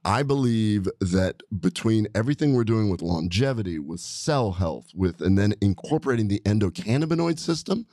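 Low-voiced guy hosting a podcast, excited and rambly, dry studio sound. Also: normal speed, hardly any pauses, dry recording. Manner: enthusiastic, rambling, frequent restarts. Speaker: podcast host, doctor. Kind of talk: casual podcast chat.

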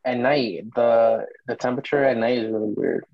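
A young man in casual chat, playful and teasing, quick to laugh. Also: mid-range voice, muffled recording.

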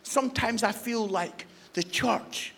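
Male guest preacher with a very high, sharp voice, fervent, with hush-to-shout swings. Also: slow, a little hiss or hum. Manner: passionate, swinging from hushed near-whispers to shouts. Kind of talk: sermon. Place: church service.

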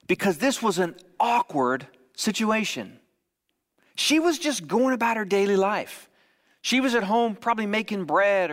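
A high-pitched man preaches in a casual, chatty way and keeps asking his listeners "right?" His voice rings out with the long echo of a church hall. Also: fairly bright tone. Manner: conversational preaching with frequent "right?" asides. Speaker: pastor. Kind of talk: sermon.

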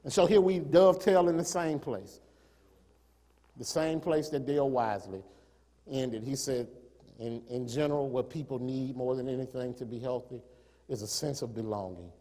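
A man preaching a sermon, firing rhetorical questions at the congregation, swelling to emphatic peaks and then dropping to quiet asides. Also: medium pitch, normal speed. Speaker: pastor. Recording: long hall reverb.

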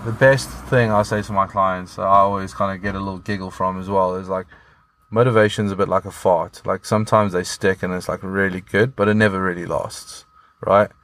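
A man's voice: low-pitched, steady tone, brisk, fairly bright tone. A man, a fitness coach, talking earnestly and motivationally as a podcast guest, with some casual swearing.

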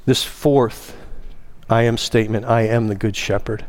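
A man's voice: fairly even intonation, a little slow, darkish tone. A man preaching in a church, stressing key words and leading the congregation in reciting together. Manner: emphatic, rising in pitch on key words; leads the congregation in call-and-response. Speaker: pastor. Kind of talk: sermon. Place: church sanctuary.

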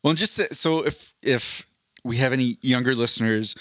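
A man's voice: medium pitch, moderate pace, fairly bright tone, dry recording, studio quality. A man co-hosting a podcast in casual comedic chat, joking playfully and slipping into silly voices. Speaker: podcast co-host.

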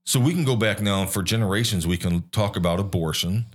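A man with a fairly low voice co-hosts a casual faith-based podcast. He feels his way through his points, stopping often to restart a phrase or fill a pause. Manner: hesitant, many restarts and fillers. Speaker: podcast co-host.

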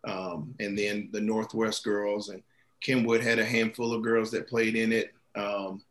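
A man, a girls basketball head coach, answering interview questions in a halting, earnest way. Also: fairly low pitch, level tone, fairly bright tone. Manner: halting, many fillers and restarts, earnest.

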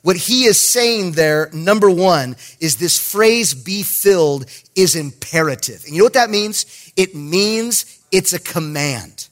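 A middle-aged man preaches a sermon in a high, bright voice. He tells stories with energy, acting out bits of dialogue and pressing his points hard. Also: measured pace. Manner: animated storytelling, acts out dialogue, emphatic. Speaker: pastor.

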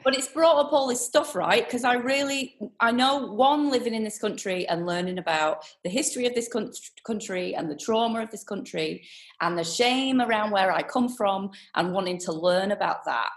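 A woman's voice: medium pitch, normal speed. A woman in casual chat, talking earnestly and rambling, with free swearing.

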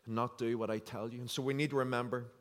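A man's voice: mid-range voice, flat delivery, fast talker. A man preaching a sermon in an earnest, conversational way, reading scripture aloud. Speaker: pastor. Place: church hall. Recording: long hall reverb.

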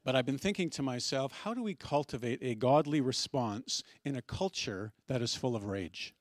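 A middle-aged man preaching a sermon as pastor, telling stories in a conversational way with gentle humor. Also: medium pitch, animated, moderate pace, dry recording.

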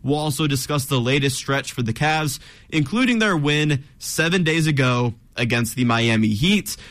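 A man's voice: medium pitch, expressive, fairly bright tone. Young man hosting college radio sports talk. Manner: teasing, runs the show with quick segment rundowns. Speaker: sports talk show host.

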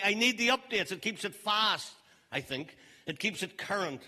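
An older man preaching a sermon as pastor, emphatic and stressing phrases slowly. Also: sits high, bright, forceful tone. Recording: long reverb of a large hall.

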